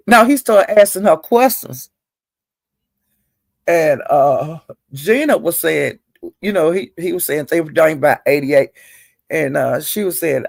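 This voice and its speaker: A woman's voice: sits low, lively intonation, measured pace, vocal fry, darkish tone, no room sound, studio quality. A woman hosting a livestream, retelling an online feud in a chatty, gossipy way and calling her listeners "child". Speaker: livestream host.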